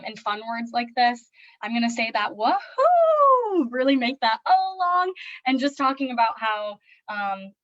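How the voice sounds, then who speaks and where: A young woman speech therapist with a fairly high voice explains early literacy to parents in a chatty, unscripted way, full of "um"s. Her demonstrations of reading to a child turn bright and playful. The recording is dry and a little muffled. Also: no room sound. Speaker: speech-language pathologist.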